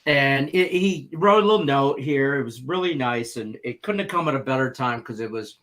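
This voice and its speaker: Moderately paced and medium in pitch, this man's voice fills a sports betting show he co-hosts. His casual banter features animated, meandering tales packed with jokes.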